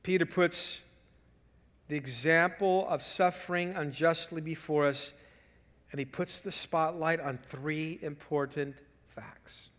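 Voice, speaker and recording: A man preaching a sermon as pastor, swinging from loud emphasis to hushed whispers and telling lively stories with rhetorical questions. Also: a little high, slow, big-room sound. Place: church sanctuary.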